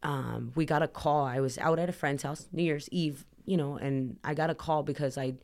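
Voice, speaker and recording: A woman's voice: low voice, fairly even intonation, moderate pace, a little mellow. A woman as a podcast guest, earnestly telling a personal story in a rambling way, full of "like" fillers. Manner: earnest, emotional retelling.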